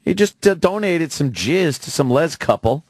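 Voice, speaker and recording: A man's voice: fairly high pitch, animated, moderate pace, darkish tone, dry recording. A man co-hosting a radio show in a studio, bantering loosely with profane reactions.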